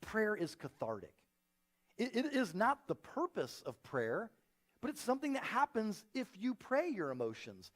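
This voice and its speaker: A pastor preaches in a church auditorium, his voice sitting high at a normal pace. Animated in his storytelling, he voices the people he quotes as if playing them.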